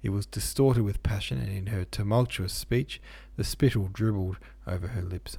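A man reading a classic novel aloud as audiobook narrator, measured and expressive. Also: on the low side, gravelly, husky, no echo.

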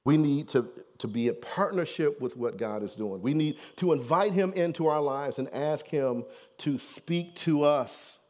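Male pastor, storytelling sermon, chatty check-ins, somewhat high voice. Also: expressive, a little slow, darkish tone. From Detroit, USA. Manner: conversational, keeps checking in with "right?".

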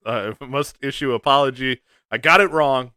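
A man's voice: mid-range voice, normal speed, sharp tone, no room sound, clean studio sound. A man co-hosting a podcast, chatting casually, asking questions and laughing easily. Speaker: podcast co-host. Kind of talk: casual chat.

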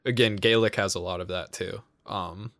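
A man's voice: low-pitched, fairly even intonation, normal speed, fairly bright tone, no room sound, clean studio sound. A young man in casual chat, rambling with many fillers, laughing often and swearing casually.

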